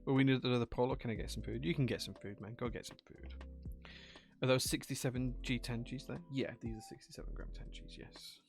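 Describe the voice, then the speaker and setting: A man's voice: medium pitch, steady tone, fast, vocal fry, faint music behind. A man streaming live, chatting casually while he builds a keyboard, thinking aloud and answering chat.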